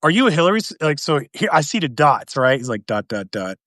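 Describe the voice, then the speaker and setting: A podcast host, male, tells a long dating story fast and casually, full of energy. He acts out the quotes with big jumps in pitch and volume.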